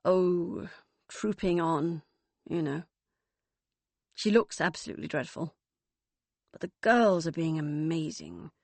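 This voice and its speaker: A woman's voice: deep voice, slow pace, pauses often, darkish tone, no room sound, heavily acted. A woman reading an audiobook voices a self-absorbed mother near sixty with a breezy, sing-song manner. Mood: airy. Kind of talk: audiobook character voice.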